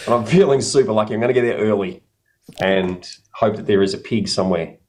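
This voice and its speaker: Low-voiced Australian man chatting loosely. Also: fast, a little mellow. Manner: rambling, self-interrupting, joking. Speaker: podcast co-host. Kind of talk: casual chat.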